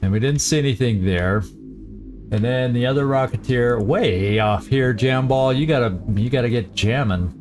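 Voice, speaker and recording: A man hosts a strategy game session, thinking aloud about each move and correcting himself as he goes. His voice sits at a middling pitch. Soft game music plays underneath. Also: normal speed. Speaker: gaming channel host.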